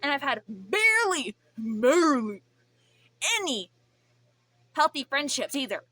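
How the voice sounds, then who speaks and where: A young woman vents to her camera, rambling and swearing as her feelings spill out. Her voice is bright and sits a little high. The talk is raw and personal. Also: very animated, measured pace, dry recording. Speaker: vlogger. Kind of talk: emotional vent.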